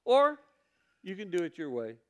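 Smooth-voiced male pastor preaching conversationally. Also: sits high, wildly swooping pitch, moderate pace. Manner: conversational preaching, rhetorical questions, reads scripture aloud. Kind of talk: sermon.

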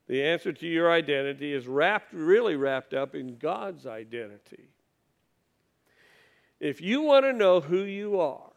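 Male preacher with a high, smooth voice, giving a wry, conversational sermon and reading scripture aloud. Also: fairly bright tone. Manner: conversational, wry preaching that asks the congregation to read along.

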